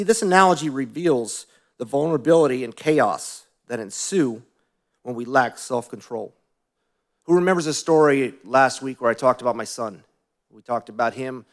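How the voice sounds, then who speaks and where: A mid-pitched male pastor delivers a relaxed storytelling sermon, asking the congregation questions and slipping in quiet asides.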